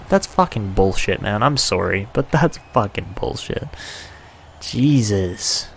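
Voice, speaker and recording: A man's voice: fairly low pitch, expressive, slow, vocal fry, slight background noise. A young man giving casual, swear-filled commentary over a hockey video game, often frustrated. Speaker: gaming YouTuber.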